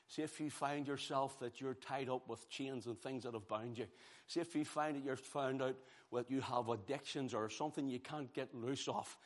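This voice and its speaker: A man's voice: medium pitch, a bit bright. A man preaching a sermon, emphatic, repeating phrases and building force. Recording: long hall reverb.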